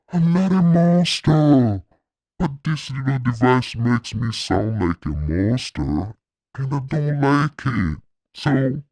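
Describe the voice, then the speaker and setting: A man reviewing audio gear, speaking through a deep male and monster voice-changer effect, joking in mock protest. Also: vocal fry, a little mellow, dry recording, heavily acted. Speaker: product reviewer.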